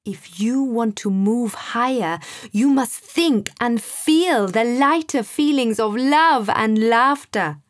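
A woman voicing a calm, wise male guide who speaks slowly and encouragingly. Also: a little high. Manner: slow, calm, coaxing.

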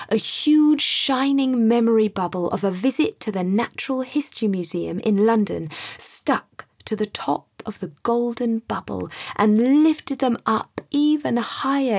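A woman reading a children's story aloud, slow and soft, sometimes near a whisper. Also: on the high side, breathy edge, no room sound. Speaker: narrator.

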